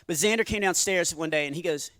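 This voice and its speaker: A middle-aged male comedian with a high, bright voice works a church stage through a handheld mic. He swings between sincere faith talk and quick self-mocking jokes, chuckling at his own lines. The sound is close and dry. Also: dry recording. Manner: earnest then playful, quick asides, laughs at own jokes. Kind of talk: stand-up comedy with faith testimony. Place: church stage before a live audience.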